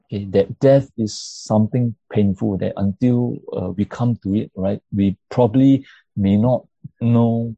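A man teaching a church class on grief and pastoral care with slides. He speaks haltingly, with many fillers and repeated words, and keeps checking in with his listeners by asking "right?". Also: on the low side, gravelly, mellow, breathy edge, no room sound. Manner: checks in often with tag questions like "right?". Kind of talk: interactive lecture with slides. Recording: dull lo-fi recording.

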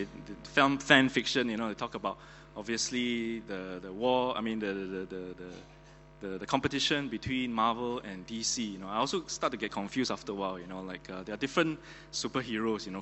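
A male pastor gives an earnest, chatty sermon full of fillers. His voice sits on the low side. It rings in a church hall over a faint hum. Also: sharp tone. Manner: conversational, many fillers, earnest.

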